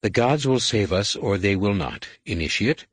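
A weary female alien adept, proud and reserved, giving brisk formal orders, as a man voices her. The storybook voice sits low and husky on a dry close sound. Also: lively intonation, no echo.

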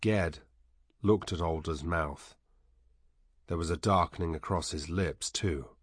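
A man reading a novel aloud as narrator, measured and even. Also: sits low, breathy edge, no room sound, clean studio sound. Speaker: audiobook narrator. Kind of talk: scripted narration.

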